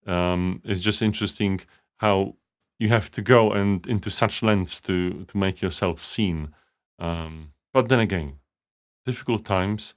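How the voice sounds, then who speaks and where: A man's voice: deep voice, a little slow. A man hosting a live leadership coaching show, talking casually and rambling with many fillers and restarts. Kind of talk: casual live-stream monologue.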